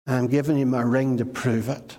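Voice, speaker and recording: A man voicing an overjoyed, loving older father who talks in a gruff, teasing way. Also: medium pitch, level tone, normal speed, warm tone, voice pushed down, natural voice. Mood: tender. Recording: long reverb of a large hall.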